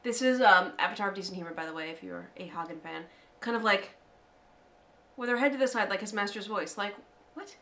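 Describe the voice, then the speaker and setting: A woman's voice: medium pitch, brisk, pushed and bright. Playful chatty American woman. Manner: chatty and playful, laughs easily. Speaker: co-host. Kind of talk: casual chat.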